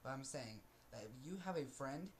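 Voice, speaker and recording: A man venting on camera in a rambling, aggrieved rant, sighing often and restarting his sentences. His voice sits at an ordinary middle pitch. Faint background noise hangs under him. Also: expressive, normal speed. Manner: aggrieved, ranting, with frequent sighs. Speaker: vlogger. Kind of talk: casual storytelling rant.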